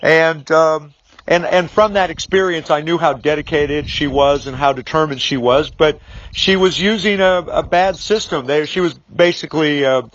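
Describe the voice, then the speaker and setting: Man, sales trainer, rambling talk, fairly high voice, dull muffled sound. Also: moderate pace, fairly bright tone. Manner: rambling, with many fillers and restarts; acts out both sides of a remembered argument. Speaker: business author and sales trainer. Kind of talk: unscripted monologue.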